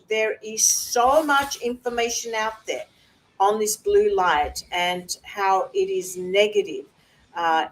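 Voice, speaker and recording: A woman hosting a casual live wellness talk, chatty, pausing on fillers and laughing often. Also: fairly high pitch, low-quality recording. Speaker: wellness host.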